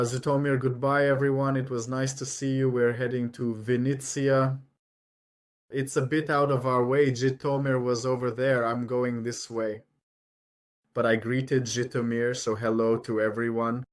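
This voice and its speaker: Chatty man vlogging from a truck cab. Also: medium pitch. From Ukraine. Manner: rambling, chatty, addresses viewers as friends. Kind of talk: casual chat while driving.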